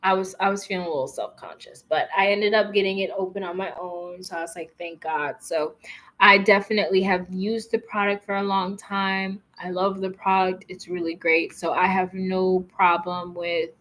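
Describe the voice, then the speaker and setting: A woman's voice: mid-range voice, fairly even intonation, normal speed, fairly bright tone. A woman vlogging casually, chatting with plenty of fillers and acting out what people said. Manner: chatty, lots of fillers and likes, acts out quotes. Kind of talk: casual storytime chat. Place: apartment in a large city.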